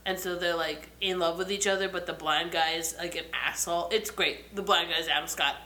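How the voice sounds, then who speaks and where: A young woman chatting casually as a podcast co-host, telling animated stories and acting out quotes. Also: lowish voice, fairly quick. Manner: animated storyteller, acts out quotes. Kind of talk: casual chat. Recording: echoey room.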